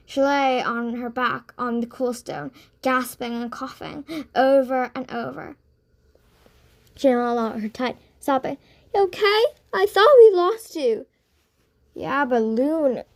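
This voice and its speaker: A woman narrating a children's audiobook in an expressive read-aloud manner. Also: on the high side.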